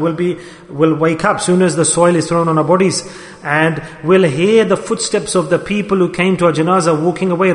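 A man preaches an emotional sermon in a somewhat high voice, firing rhetorical questions and sinking to hushed tones. His voice rings out in a large hall with a long, echoing reverb.

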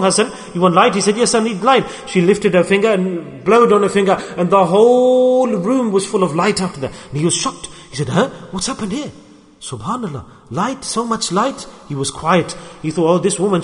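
A man with a high-sitting voice preaches a sermon to his brothers, and the sound fills a big room. He tells stories and acts out the quoted voices of the people in them.

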